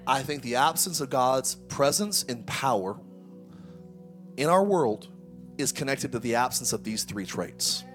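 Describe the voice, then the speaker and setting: A man in his thirties preaching a sermon, energetic and exhortative, with humorous asides. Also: mid-range voice, unhurried, soft background music. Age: 30s. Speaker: pastor.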